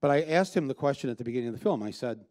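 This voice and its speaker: Onstage as a guest before a live audience, a man with a mellow, warm, average-pitched voice talks in an animated, racing way. He sounds like a filmmaker conversing rather than reading a script, blunt, emphatic, and profane, with frequent restarts and fillers.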